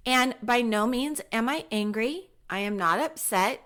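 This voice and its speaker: Middle-aged woman, parenting podcast host, upbeat and encouraging, fairly high voice, acts out quotes with big pitch jumps. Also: animated, a little slow, hardly any pauses, a bit bright.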